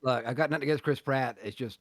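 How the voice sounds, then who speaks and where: A man's voice: mid-range voice, fast, a bit bright, dry recording, clean studio sound. A man co-hosting a podcast in casual chat, rambling with frequent restarts and easy laughter. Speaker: podcast co-host.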